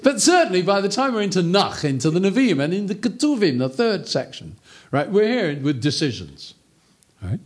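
Husky, animated man lecturing. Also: sits high, moderate pace. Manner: animated, joking storyteller. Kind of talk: humorous lecture.

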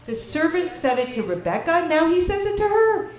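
A woman's voice: very high voice, big pitch swings, normal speed, a little mellow. A woman teaching a Bible class to an audience, asking them questions and reading verses in Hebrew before translating them. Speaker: lecturer. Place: lecture room with an audience. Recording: echoey room with faint ambient noise.

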